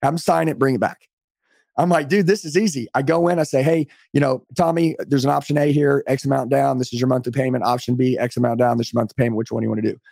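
A man's voice: mid-range voice, fairly even intonation, quick pace, gravelly, a little mellow, no room sound, studio quality. A middle-aged man telling his story as a podcast guest on a call, emphatic and motivational. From United States. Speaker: podcast guest, sales trainer. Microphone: remote call.

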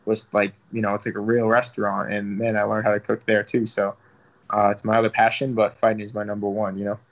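A man's voice: fairly low pitch, completely flat delivery, quick pace, creaky. A young man, a professional fighter talking casually in an interview, rambling with lots of fillers and some swearing. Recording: slightly dull lo-fi audio.

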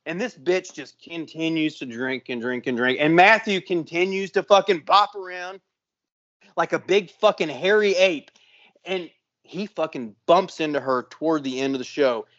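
A man in his forties, a podcast co-host, telling a profane story with lots of swearing and loud sound effects. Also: fairly high pitch, dry recording, highs cut off. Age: 40s.

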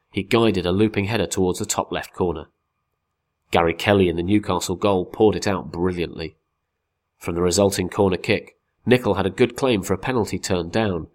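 A man reading a football magazine article aloud as scripted narration, with a measured, wry storytelling delivery. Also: low-pitched.

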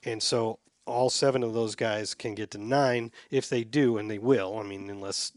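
A man's voice: on the low side, fairly even intonation, moderate pace, dry recording. Male podcast host, self-deprecating and chatty, reading listener mail, dry close mic. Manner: chatty, self-deprecating, reads emails aloud. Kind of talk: casual sports chat.

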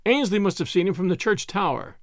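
A man voicing a grave, stern military colonel under siege, speaking in a grim, measured way. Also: high-pitched, sing-song, no room sound, studio quality.

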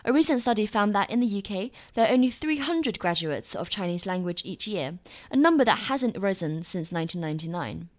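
Woman, animated pitch, wry, reads her own column. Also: fairly quick, hardly any pauses. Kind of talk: read-aloud opinion column.

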